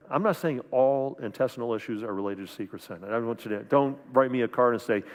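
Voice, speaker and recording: A male pastor preaching in a casual, conversational way, often breaking off to act out the voices he quotes. His voice sits fairly high for a man. The room gives it a long, ringing reverb, like a church sanctuary. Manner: conversational, acts out quoted voices, many restarts. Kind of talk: sermon.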